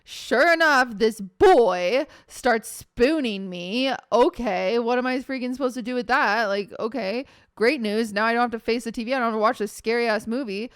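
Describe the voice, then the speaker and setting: Young woman, casual storytelling, animated, swears freely, smooth clear voice, dry sound. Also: a little high, normal speed, few pauses, dry recording. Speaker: streamer.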